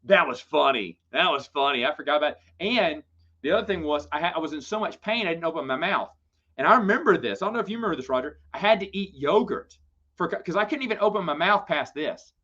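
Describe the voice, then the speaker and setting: A man hosting a live Q&A stream, chatting casually and telling lively, playful stories to viewers. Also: a little high, fast. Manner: animated storytelling, lively and playful. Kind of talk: casual livestream chat. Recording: dull lo-fi stream audio.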